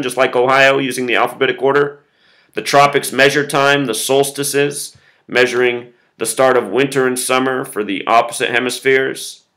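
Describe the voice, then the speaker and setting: Male solo video host, bright and forceful tone, insistent explainer. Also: mid-range voice, poor audio. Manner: insistent, explains with numbers, quotes song lyrics.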